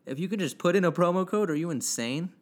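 A man's voice: high-pitched, animated, fast. A young man hosting a casual solo podcast from his house, rambling and joking at himself with casual swearing into a home microwave-close podcast mic. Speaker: podcast host. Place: house alone with his dog. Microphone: home podcast mic, gain turned up.

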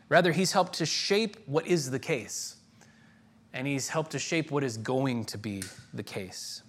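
A man's voice: medium pitch, fairly bright tone. A man preaching a sermon in a conversational way, restarting phrases and reading quoted lines with dramatic force.

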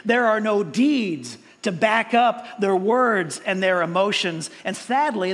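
A man's voice: high voice, a bit bright, big-room sound. A male pastor preaching a sermon in a conversational way, with frequent restarts and playful mimicked voices.

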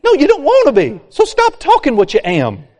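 A man preaching a sermon, folksy and animated, acting out complainers. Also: very high-pitched, moderate pace. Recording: long hall reverb.

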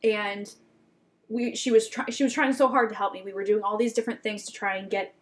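On a casual podcast, a young woman co-host tells stories in a mid-range voice at a slightly fast clip. She's an animated storyteller who acts out quotes loudly and with lots of life.

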